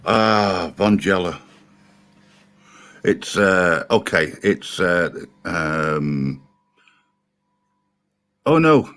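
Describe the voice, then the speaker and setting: A man with a low voice hosting a relaxed live stream over a video call. His speech is halting, full of fillers and restarts. He speaks in an easy, conversational tone. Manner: hesitant, many fillers and restarts. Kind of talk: casual chat.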